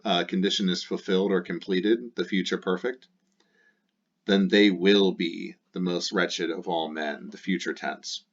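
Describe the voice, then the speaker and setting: A man teaching Latin, working methodically through exercise sentences step by step, with frequent fillers. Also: low-pitched. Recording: dull lo-fi recording.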